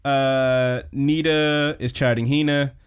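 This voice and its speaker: A man of middle pitch talking loosely on a podcast, recapping scenes in a relaxed, rambling way. He swears freely and drops into brief quoted lines as he tells the story. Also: slow pace, clear, resonant tone. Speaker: podcast co-host. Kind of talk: casual anime recap chat.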